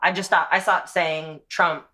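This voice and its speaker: A woman hosting a podcast in casual conversation, chatty and quick to agree with her guest. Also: lowish voice, fairly even intonation, pushed and bright. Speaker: podcast host. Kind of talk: casual interview chat.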